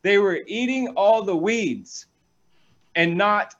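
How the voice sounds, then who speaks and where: A man, a pastor, reading scripture aloud and breaking off into energetic, animated stories with quick asides. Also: high-pitched, highs cut off. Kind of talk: reading scripture and preaching in a talk show.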